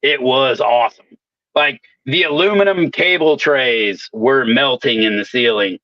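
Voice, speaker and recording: A man's voice: mid-range voice, measured pace, pushed and bright, no echo, dull audio. A man telling rowdy work stories in casual, profane chat, swearing constantly. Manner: swaggering storyteller, swears constantly. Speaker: welder co-host.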